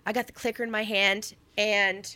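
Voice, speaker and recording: A middle-aged woman in a casual chat, telling a story in an animated, self-mocking way and swearing freely. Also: medium pitch, moderate pace. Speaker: guest speaker.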